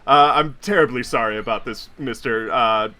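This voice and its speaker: A man's voice: mid-range voice, normal speed, sharp tone, close to an everyday voice. A man voicing an embarrassed young woman who stammers politely through her apologies. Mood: flustered.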